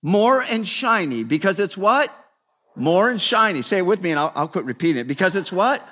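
A man in his fifties preaching a sermon to a room, conversational and repetitive, swinging between quiet asides and emphatic, raised exhortation. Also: high-pitched, expressive, fairly quick. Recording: long reverb of a large hall.

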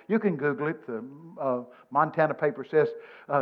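A man, preaching a sermon in a folksy, animated storytelling way, quoting scripture. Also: medium pitch, fast talker, dull audio. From Texas. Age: 70s.

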